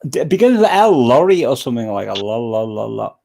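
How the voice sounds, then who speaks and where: A man's voice: mid-range voice, very animated, fast, creaky, dark tone. A man chatting casually about old films, rambling and often searching for names.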